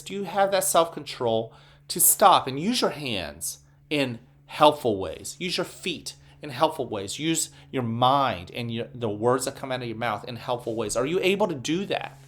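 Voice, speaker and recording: A male school principal talking to young students over morning announcements. His voice sits at an ordinary, middle pitch. He moves between gentle, unhurried breathing guidance and cheerful encouragement. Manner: calm, slow guiding voice during breathing; upbeat, encouraging address to children.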